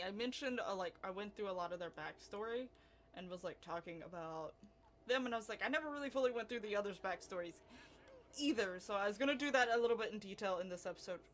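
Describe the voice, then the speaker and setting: A young woman giving casual, giggly commentary over a life-simulation game she is playing. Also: mid-range voice. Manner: giggly, excitable, chatty with frequent laughs. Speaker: gameplay commentator.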